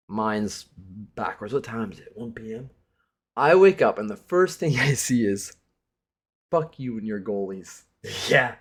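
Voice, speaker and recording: A man's voice: lowish voice, animated, takes it slowly, long pauses, husky. A young man, the league commissioner, giving a casual self-mocking recap of his fantasy hockey league, swearing freely.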